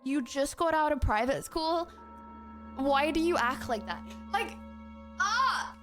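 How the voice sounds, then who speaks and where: A woman's voice: sits high, sing-song, slow, fairly bright tone, faint music behind. A young English woman with a southern English accent, streaming and chatting casually, giggly and rambling with lots of fillers. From England. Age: young adult. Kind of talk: casual live-stream chat.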